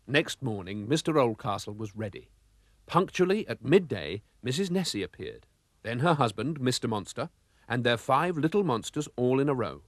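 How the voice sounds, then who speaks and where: A man's voice: mid-range voice, normal speed, no room sound. Guy reading a kids' story, really sing-songy, dry close sound. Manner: lively expressive reading. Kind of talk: children's storybook narration.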